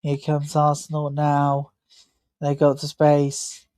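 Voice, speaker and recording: A woman hosting a live match watch-along talks in a slow, low, mellow voice. She sounds tired and yawning, rambling chattily between calls of the play, and the sound is close and dry. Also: monotone, no room sound. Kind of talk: live match commentary and chat.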